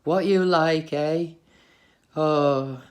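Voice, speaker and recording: Man mimicking a mother, far higher than his own voice, fond and exclaiming. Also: drawn-out words. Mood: fondly exasperated. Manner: shrill, exclaiming. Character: excited mother, middle-aged woman, loving and exasperated.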